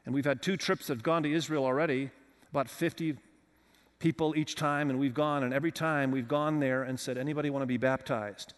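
In a reverberant hall at a multi-campus church, a male pastor preaches in a conversational way and asks the congregation questions. His mid-range voice holds a steady tone and runs a little fast.

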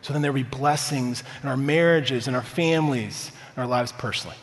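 A man's voice: medium pitch, brisk. Upbeat man preaching in reverberant church. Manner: upbeat, conversational, tells personal stories. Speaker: pastor. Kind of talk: sermon. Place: church sanctuary.

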